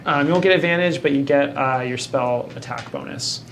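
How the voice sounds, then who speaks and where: A man running a tabletop game as dungeon master, chatty and animated when he describes the action. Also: mid-range voice, a little fast, creaky, a little hiss or hum.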